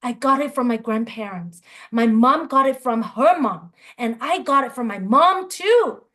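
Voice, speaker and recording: A woman with a high voice speaks as a coach giving a motivational talk. She tells earnest personal stories in a direct, open way and draws lessons from them. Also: animated, unhurried, fairly bright tone. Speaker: qigong and life coach.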